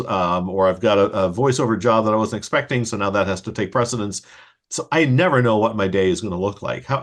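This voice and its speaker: A man hosting a casual conversation, explaining patiently and giving spoken examples. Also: on the low side. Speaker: host and children's author.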